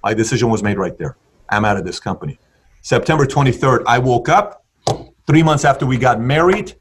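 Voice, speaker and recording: A man's voice: medium pitch, expressive, a little fast, breathy edge. A man on a podcast as a guest, telling his story with emphasis and acting out what people said in different tones. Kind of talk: animated personal storytelling.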